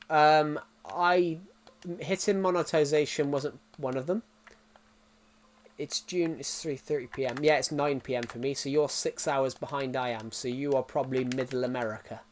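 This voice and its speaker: A man's voice: a little high, darkish tone. A man in his twenties chatting casually on a live game stream, rambling with frequent restarts and repeats. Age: 20s.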